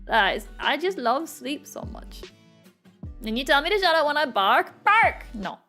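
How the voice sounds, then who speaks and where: A young woman chatting casually on a drawing stream, her voice sitting a little high. She speaks softly and lets her sentences fade, breaking into giggles all the time. Faint music plays quietly underneath. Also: animated, unhurried. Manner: giggly, laughs often between remarks; soft-spoken, trails off quietly. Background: faint background music.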